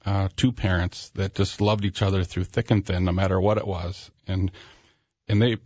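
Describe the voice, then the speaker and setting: A man, guest on a radio show with his wife, speaking in a halting, reflective way. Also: deep voice, fairly even intonation, darkish tone, slightly rough, no echo, dull audio. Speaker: guest, host's husband. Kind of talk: casual conversation. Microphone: studio microphone.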